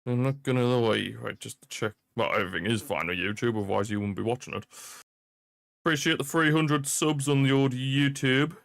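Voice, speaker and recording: A young man talks casually through a streaming mic, rambling and laughing with his chat. His voice sits at an ordinary middle pitch. The sound is dry and close, with no room around it. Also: fairly quick, creaky, fairly bright tone, no echo. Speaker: streamer hosting a football watchalong. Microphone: streaming microphone.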